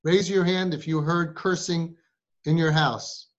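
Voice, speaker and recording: A man who guides families gives a live talk to a group of girls, who are siblings, firing rhetorical questions at them. His voice is fairly high and fairly even in intonation, and he speaks a little slowly. The recording sounds muffled.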